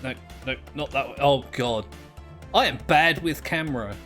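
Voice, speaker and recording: A man's voice: mid-range voice, normal speed, fairly bright tone, soft background music. A man, commentating his own game play in a rambling, self-mocking, easily amused way. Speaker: gameplay commentator.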